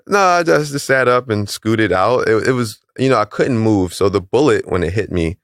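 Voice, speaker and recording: An interview guest who founded a calisthenics league tells a personal story, his very low voice calm and even. He mimics the people he quotes as he goes. The audio is close and dry, with no echo from the room.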